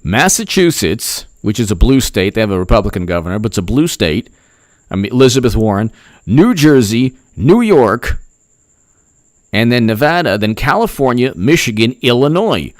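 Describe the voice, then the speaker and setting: A man's voice: medium pitch, sing-song, moderate pace, no room sound. A man rambles through a heated political commentary vlog in a casual, conversational way. His voice sits mid-range, and the dry recording has no room sound.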